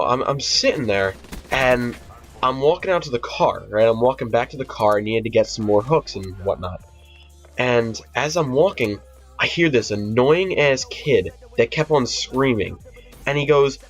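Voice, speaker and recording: A man's voice: medium pitch, animated, measured pace, husky. Rambling, profane teenage guy, lo-fi. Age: teens. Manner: rambling, profane, many fillers and restarts. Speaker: vlogger. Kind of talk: casual storytime vlog. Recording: dull lo-fi audio with faint music.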